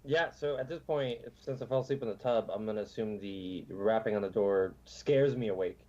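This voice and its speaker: A man's voice: on the low side, normal speed, darkish tone. Laid-back male game player, lo-fi. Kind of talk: casual in-character game talk.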